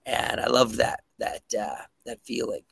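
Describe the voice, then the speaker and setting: A man's voice: medium pitch, animated, measured pace, gravelly, a bit bright, breathy edge, no room sound. A man, a comic creator, talking enthusiastically about his project as a podcast guest, with lots of ums and restarts. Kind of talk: casual podcast chat.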